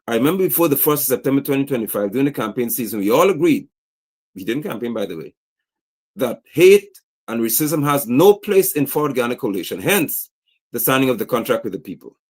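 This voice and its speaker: A man's voice: mid-range voice, sing-song, fairly quick, darkish tone. A man giving livestream political commentary, indignantly reading posts aloud and firing off rhetorical questions. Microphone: streaming setup mic.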